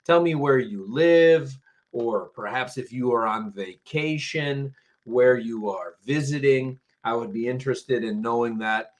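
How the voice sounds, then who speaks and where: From his home in the Tampa area, a man teaches English phrasal verbs on a live stream. He speaks patiently and slowly at a medium pitch, repeating words for the learners.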